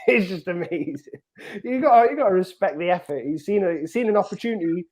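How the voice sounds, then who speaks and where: A man's voice: high-pitched, fast talker. A man co-hosting a football podcast, telling stories with frequent laughter. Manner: laughs often, animated storytelling. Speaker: podcast co-host. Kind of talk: casual football chat.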